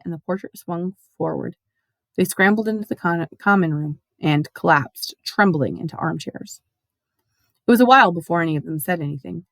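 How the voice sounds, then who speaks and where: A woman giving an expressive, animated storybook reading. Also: fairly low pitch, vocal fry, dry recording. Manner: animated, lively. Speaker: audiobook reader.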